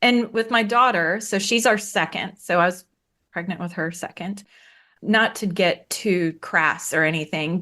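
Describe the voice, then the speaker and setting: A woman's voice: on the low side, fairly bright tone. A woman in her thirties telling her own story in a candid interview, frank and plain-spoken, acting out the people she quotes with a raised voice. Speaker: guest.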